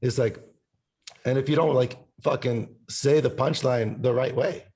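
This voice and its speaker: A male musician chatting casually on a podcast with a gravelly, creaky edge to his voice. He rambles, swears freely and hums or sings little bits to make his point. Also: mid-range voice, steady tone, unhurried, a little mellow. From Italian family background. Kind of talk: casual chat.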